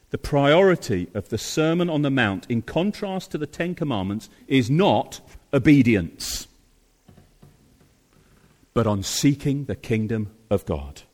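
A male preacher delivering a sermon with a lively, swooping pitch, repeating key phrases for weight. He drops to hushed, low lines and then climbs back up to stress his point. The sound rings with a long reverb, as in a church hall. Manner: emphatic, repeats phrases, swings from soft to loud.

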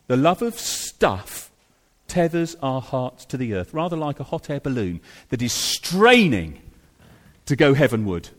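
A man preaching a sermon to a congregation, emphatic and repetitive, swinging between soft low phrases and loud high ones. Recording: reverberant hall.

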